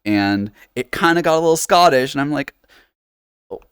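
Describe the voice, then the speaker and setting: A man's voice: on the high side, animated, a little fast, fairly bright tone, smooth, no echo, studio quality. A man chatting casually on a live stream in virtual reality, rambling with lots of fillers and restarts, laughing often and swearing casually. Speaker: livestreamer. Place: home setup playing in virtual reality.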